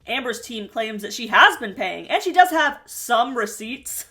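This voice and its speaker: A woman with a fairly high voice hosts a reality TV recap in casual commentary. She is blunt and sarcastic, and she swears freely. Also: big pitch swings, measured pace, bright, forceful tone.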